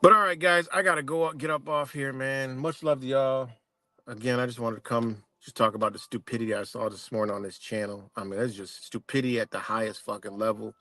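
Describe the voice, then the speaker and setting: A man's voice: mid-range voice, steady tone, brisk, pushed and bright, no room sound. A man hosting a livestream, ranting casually in a profane, rambling way with many restarts. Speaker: livestream host.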